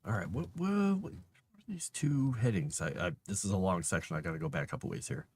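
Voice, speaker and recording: Deep-voiced man muttering while he works. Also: sing-song, quick pace, slightly rough. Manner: mutters to himself while working, grumbles at software. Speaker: livestreamer formatting a document. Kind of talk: casual working livestream, thinking aloud.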